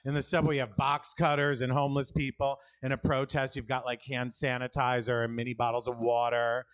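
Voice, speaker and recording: A man's voice: mid-range voice, little pitch movement, a little fast, smooth. A man with a New York accent performing a loose, rambling stand-up set with self-deprecating asides, recorded at an outdoor alley show. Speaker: stand-up comic.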